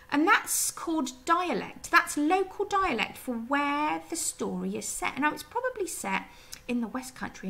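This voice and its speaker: A woman teacher giving a recorded reading lesson, explaining gently and asking her pupils questions. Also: a little high, creaky. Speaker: primary school teacher.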